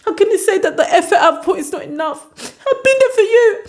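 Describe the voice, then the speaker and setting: A woman's voice: fairly low pitch, little pitch movement, normal speed, pitched below the performer's own voice, close to an everyday voice. A woman voicing a tearful young man who protests through sobs that he has done enough. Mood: crying, pleading. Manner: whiny, sobbing protests. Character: tearful young man pleading with his partner.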